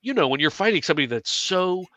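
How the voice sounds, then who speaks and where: A man spins a self-mocking story in a bright, forward voice, swearing freely as he goes. His delivery is animated and conversational, recorded dry with almost no room sound around him. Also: high voice, fast talker, no room sound. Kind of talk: casual storytelling on a live stream.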